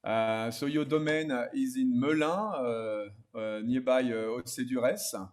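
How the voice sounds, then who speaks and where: Man, host, halting delivery, many fillers, video call. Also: mid-range voice, steady tone. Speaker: host of an online wine tasting. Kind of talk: hesitant live presentation.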